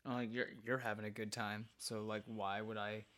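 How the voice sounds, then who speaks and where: A young man in casual, easygoing chat with a friend, agreeable and quick to laugh. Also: on the low side, flat delivery, fairly bright tone. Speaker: friend in conversation.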